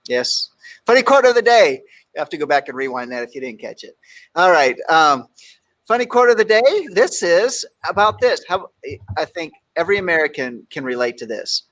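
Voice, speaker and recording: A man's voice: fairly high pitch, very animated, normal speed, a bit bright. A middle-aged man from Texas hosting a talk show, joking around and reading quotes aloud with emphasis. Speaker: radio show host. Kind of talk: casual talk show banter.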